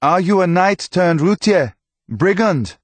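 A man voicing a stern, suspicious village priest who speaks slowly in halting phrases. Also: high-pitched, lively intonation, no echo, pitched above the performer's own voice. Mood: stern, questioning.

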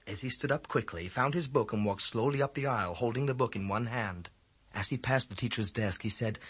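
A man with a husky voice narrating a children's book aloud, reading expressively. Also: lowish voice, lively intonation, brisk, a bit bright, dry recording. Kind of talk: audiobook narration.

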